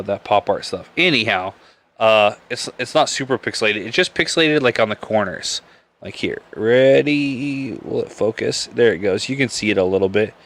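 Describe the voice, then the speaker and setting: With a mid-range, fairly bright voice, this man hosts a casual live-stream beer podcast from Nebraska. He laughs a lot while rambling and joking crudely.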